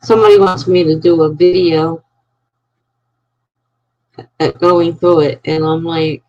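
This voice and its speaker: A woman's voice: sits low, flat delivery, a little slow, dark tone, muffled recording, slight background noise. A woman chatting casually on a live stream, telling a rambling story to her viewers and sounding tired.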